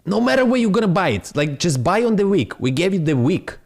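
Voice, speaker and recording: A man from Ukraine with a Ukrainian accent, hosting a live crypto stream in excitable, swearing, broken English. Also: sits high, brisk, vocal fry.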